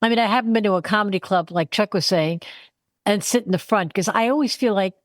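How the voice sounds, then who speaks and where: A woman co-hosts a casual podcast, mostly reacting with quick interjections and asides. Her voice sits at a middle pitch. The sound is dry. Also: no room sound. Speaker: podcast co-host. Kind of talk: casual chat.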